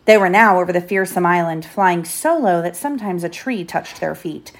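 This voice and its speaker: A woman's voice: fairly low pitch, normal speed. Mother reading a storybook aloud. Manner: lively, raising her voice for the children's lines. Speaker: parent reading aloud to her child.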